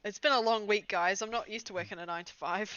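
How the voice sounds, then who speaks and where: A woman with a bright, forward voice chats and jokes as a player in a tabletop game. The sound is dry and a little dull, as if from a modest mic. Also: mid-range voice, fast, dry recording. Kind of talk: casual tabletop game chat.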